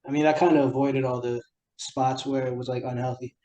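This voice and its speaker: Mellow young New York man, easygoing. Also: mid-range voice, level tone, brisk, highs cut off. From New York City. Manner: easygoing, laughs often, searches for words. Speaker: podcast host. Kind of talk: casual chat.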